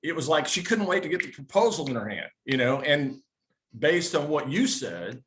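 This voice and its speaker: A man's voice: on the high side, very animated, moderate pace, background noise. A man on a video call, earnestly recounting his experience to a coach and searching for words as he goes. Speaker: caller in a Q&A session. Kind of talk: casual storytelling.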